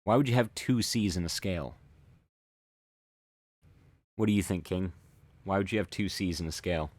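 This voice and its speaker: A man hosting a commentary, explaining thoughtfully in a halting way with many fillers and restarts. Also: deep voice, no room sound. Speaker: host analyzing body language.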